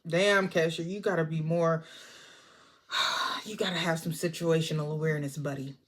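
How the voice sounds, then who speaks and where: A woman's voice: low-pitched, normal speed. Chatty woman recapping a movie. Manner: chatty and expressive, talking straight to viewers. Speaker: movie reviewer.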